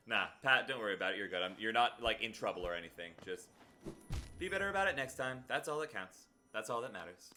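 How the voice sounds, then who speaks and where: A man's voice: fairly low pitch, lively intonation, fairly quick, bright, forceful tone, a little hiss or hum. A man streaming a video game live, talking earnestly and directly to his viewers in casual chat. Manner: earnest, talks straight to viewers.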